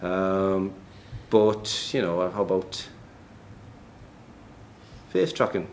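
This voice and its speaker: Man, low voice, conference speaker, self-deprecating, chatty, echoey room, faint noise. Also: steady tone, very slow. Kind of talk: live technical presentation.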